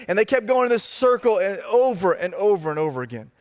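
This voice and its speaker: A man with a high voice preaches a sermon, talking with the congregation in a conversational way. He slows down to draw out key phrases and leans on repetition for weight. His voice rings out with the long reverb of a large hall. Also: sing-song. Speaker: pastor.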